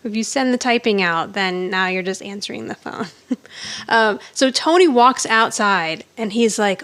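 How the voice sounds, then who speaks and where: A woman's voice: fairly high pitch, moderate pace, fairly bright tone. A woman co-hosting a podcast, casually recapping a sitcom episode and quoting the characters. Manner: recounts scenes, quoting characters with a laugh. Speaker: podcast co-host.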